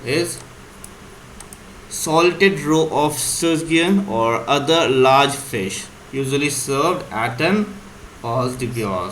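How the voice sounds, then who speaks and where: Man, vocabulary teacher, slow explanations, echoey room, faint background hum. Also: mid-range voice, fairly bright tone. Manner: explains words slowly, spells them out. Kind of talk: casual vocabulary lesson.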